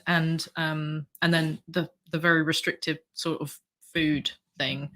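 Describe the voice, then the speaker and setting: A woman's voice: deep voice, fairly even intonation, a little slow, bright, forceful tone. A woman in her thirties hosting a casual livestream, hesitant, with many ums and restarts as she reads out the chat. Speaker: livestream host.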